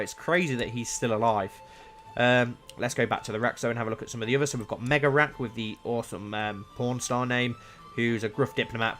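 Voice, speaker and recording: A man streaming a strategy game, chatting casually and thinking aloud as he browses characters, often breaking into excited exclamations. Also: mid-range voice. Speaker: let's play streamer. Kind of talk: casual gameplay commentary.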